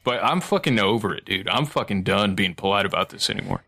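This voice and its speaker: A man's voice: on the low side, expressive, fast, bright, forceful tone. A man hosting a podcast in casual chat, blunt, profane and joking. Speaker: podcast host.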